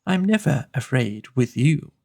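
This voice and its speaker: A man voicing a gentle, simple-minded toy bear in a slow, agreeable way. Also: mid-range voice, sing-song, vocal fry, heavily acted.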